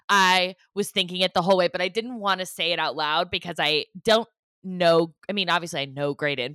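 A woman co-hosting a podcast, telling an animated story in casual chat and laughing often. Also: on the low side, no echo, clean studio sound. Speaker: podcast co-host.

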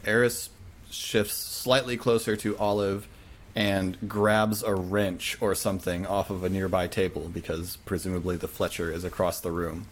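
A man's voice: sits low, flat delivery, moderate pace, slight background noise. A man playing a tabletop game who narrates his character's actions in the third person. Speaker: player. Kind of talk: casual tabletop play.

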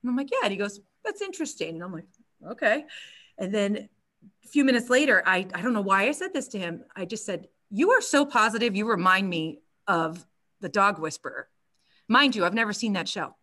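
A woman yoga instructor telling a story in a casual interview, chatty and animated with many restarts. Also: mid-range voice, fairly quick.

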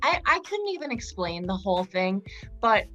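A woman's voice: mid-range voice, very animated, normal speed, a bit bright, highs cut off, faint music behind. A young woman co-hosting a podcast in casual, rambling chat, full of fillers and crude jokes. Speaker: podcast co-host.

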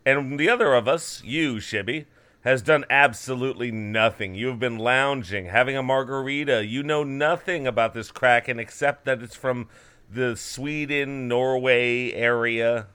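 A man with a mid-pitched, bright voice co-hosting a comedy podcast. He teases his partner, spins awkward personal stories, and laughs easily in loose banter. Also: unhurried, clean tone. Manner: teasing, storytelling, laughs easily. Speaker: co-host.

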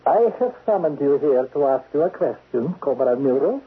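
A man playing a cold, menacing foreign spy chief in a 1970s radio drama, clipped and husky. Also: a little high, big pitch swings, moderate pace, exaggerated voice. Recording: dull lo-fi radio broadcast.

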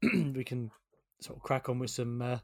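Brief: male co-host, mid-pitched, cheeky and giggly. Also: lively intonation, moderate pace, vocal fry. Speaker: podcast co-host. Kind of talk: casual chat.

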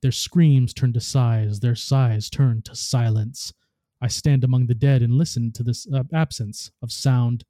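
A man reading aloud as a ruthless, boastful female war god, in a slow, solemn recital. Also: mid-range voice, fairly even intonation, dark tone, no room sound, studio quality, lightly acted. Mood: grim, solemn.

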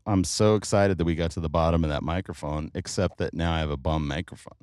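Middle-aged guy hosting from his car, low voice, dry close sound, jokey and hyped, lots of uhs. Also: quick pace, clean tone, no room sound. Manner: joking, excitable, many "uh" fillers. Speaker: podcast host. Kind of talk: casual chat. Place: in a car in traffic.

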